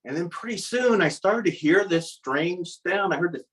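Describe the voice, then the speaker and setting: A man's voice: sits high, animated, normal speed, a bit bright, distant mic, rough recording. A man telling a comic personal story at a live storytelling event, wry and self-mocking.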